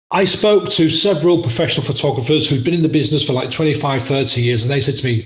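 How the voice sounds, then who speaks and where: A man's voice: a little high, fast, hardly any pauses, reverberant. A middle-aged English man, a podcast guest, telling stories in a chatty, self-deprecating way and laughing often. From England. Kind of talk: casual storytelling interview.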